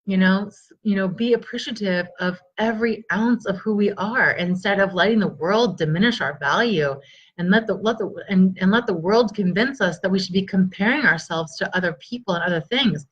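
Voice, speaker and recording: A middle-aged woman coaches her viewers on a live stream, upbeat and encouraging. She greets people by name as she talks. The sound is slightly dull and lo-fi, with a middle-pitched voice. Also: moderate pace, husky. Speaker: stress relief coach.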